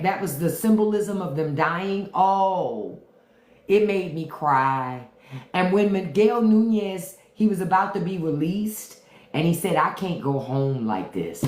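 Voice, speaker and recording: A woman hosting a casual livestream, talking in an animated, profane way and repeating lines for emphasis. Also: mid-range voice. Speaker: livestream host. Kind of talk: casual livestream chat about movies. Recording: echoey room.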